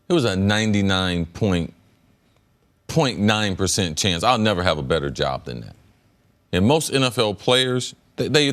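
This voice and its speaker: An emphatic middle-aged man argues his case on a sports debate show, repeating himself for weight. His pitch swings widely, climbing high when he presses a point. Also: a bit bright. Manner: emphatic, repeats words, rises sharply when making a point. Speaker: former pro football player turned analyst.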